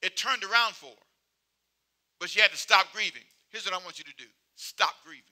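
High, bright-voiced emphatic male preacher. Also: a little fast. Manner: emphatic, repetitive call-and-response preaching; swings between loud exhortation and quiet, low asides. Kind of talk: sermon.

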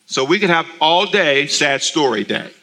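A man preaching on the radio, telling a story with animated delivery and emphatic, repeated phrases. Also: a little high, moderate pace. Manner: animated storytelling with acted-out asides. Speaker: pastor. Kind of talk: radio sermon.

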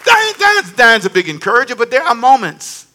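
Male pastor, high bright voice, lively humorous preaching with call-and-response. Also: moderate pace, a faint crowd. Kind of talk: sermon.

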